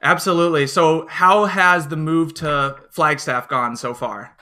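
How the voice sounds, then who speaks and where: Bright-voiced man with a Chicago accent hosting a podcast. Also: on the high side, unhurried. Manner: upbeat, loose, with fillers. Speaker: podcast host. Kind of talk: casual podcast chat.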